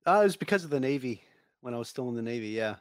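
A man's voice: medium pitch, lively intonation, rapid-fire, no echo. Easygoing New man, dry sound. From Long Island, New York. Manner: friendly, easygoing, repeats words. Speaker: podcast guest. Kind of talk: casual interview chat.

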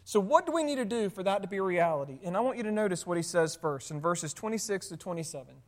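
A pastor preaching in a church with a long, ringing echo, the voice sitting in a middle pitch. The sermon leans on rhetorical questions to the congregation and dry, sarcastic asides. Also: lively intonation, quick pace. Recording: long hall reverb.

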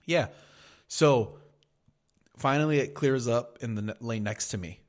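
A man's voice: mid-range voice, measured pace. A man hosting a podcast, telling a heated, profanity-filled story in a casual rant. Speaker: podcast host.

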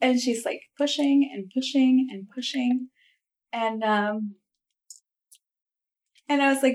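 A young woman flight attendant hosting a podcast, chatting casually and telling lively work stories with frequent laughter. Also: high-pitched, slow, long pauses. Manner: animated storyteller who laughs often.

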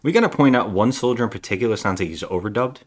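A man's voice: lowish voice, lively intonation, quick pace. A man co-hosting a podcast, casually recapping a movie's plot in a rambling way. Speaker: podcast co-host. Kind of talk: casual movie review chat.

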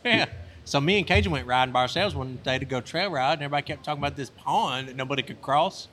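A man tells a riding mishap dryly, with a few jokes. His voice sits at an ordinary middle pitch. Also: quick pace, fairly bright tone, slight background noise. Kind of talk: casual chat.

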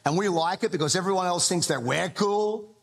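Eager, boastful young followers, put on by a preacher, a touch higher than his usual voice. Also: a little fast, gravelly.

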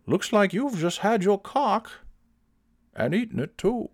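Shrill, high, crude old woman, shrieking, a man putting her on, cackling comedy sketch. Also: expressive, measured pace. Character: loud, crude, ugly old woman who stampedes about.

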